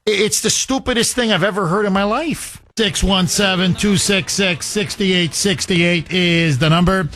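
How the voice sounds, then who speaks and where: A man's voice: high-pitched, normal speed, few pauses, fairly bright tone. A man hosting a political talk radio show, speaking emphatically and firing off rhetorical questions. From United States.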